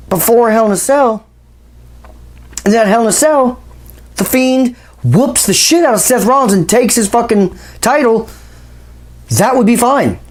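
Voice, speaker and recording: A man hosting a wrestling channel, ranting in a casual, exasperated and profane way with bursts of sarcasm. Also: sits high. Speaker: wrestling commentary host.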